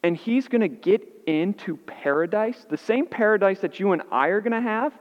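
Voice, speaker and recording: A man preaching a sermon as pastor, animated and acting out the voices he quotes. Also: normal speed. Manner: animated, acts out quoted voices with rising pitch. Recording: muffled audio in a reverberant hall.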